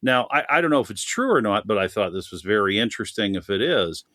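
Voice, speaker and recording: A man's voice: fairly low pitch, big pitch swings, quick pace, a bit bright, dry recording, studio quality. A man chatting animatedly as a guest on a film podcast, laughing often and talking at length. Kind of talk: casual podcast chat.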